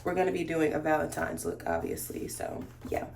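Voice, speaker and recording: A woman's voice: low-pitched, wildly swooping pitch, fairly quick, creaky, darkish tone, slight background noise. A woman beauty vlogger telling a story in casual, slangy chat while she does her makeup, talking straight to her viewers. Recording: roomy echo.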